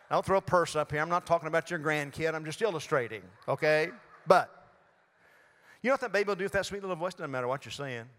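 Older guy preaching, folksy joking stories, kinda high voice, long church reverb. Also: fast, fairly bright tone. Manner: folksy storytelling with humor. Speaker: guest preacher. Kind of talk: sermon. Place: church sanctuary.

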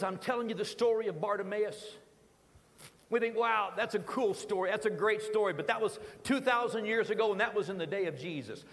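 A man preaching a sermon in a church, dramatic with repeated phrases and sudden hushed drops. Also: high-pitched, in a large hall. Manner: dramatic, rhythmic repetition, sudden drops to quiet. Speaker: pastor. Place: church sanctuary.

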